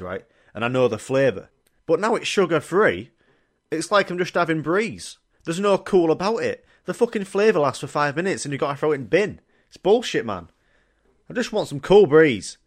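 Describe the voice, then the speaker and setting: A young man, telling rambling, sweary, jokey stories on his own podcast. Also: medium pitch. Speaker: podcast host. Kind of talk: casual solo podcast storytelling.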